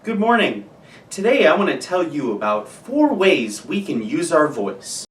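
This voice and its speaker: A woman with a deep voice and big pitch swings teaches children a music lesson at a measured pace, patiently guiding them to repeat after her and demonstrating each voice type. She's recorded from a distance in a roomy space.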